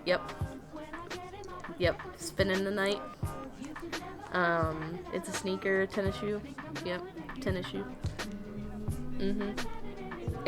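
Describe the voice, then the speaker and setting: Chatty Southern woman, low voice. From Tennessee, US. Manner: chatty, laughs often, many fillers. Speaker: podcast co-host. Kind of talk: casual chat.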